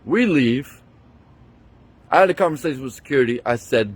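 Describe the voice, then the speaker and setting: A man's voice: medium pitch, expressive, moderate pace, slightly rough. Man ranting a heated, profane story. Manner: heated, profane, indignant retelling; switches phone between hands while talking. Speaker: vlogger. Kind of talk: angry storytime rant. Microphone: handheld phone.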